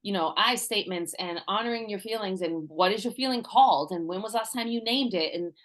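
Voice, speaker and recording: A woman in her forties tells a personal story as a guest in a casual interview. She is lively and laughs often, and she slips into the voices of the people she quotes. Her pitch sits in a middle range. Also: brisk. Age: 40s. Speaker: guest, transformational coach.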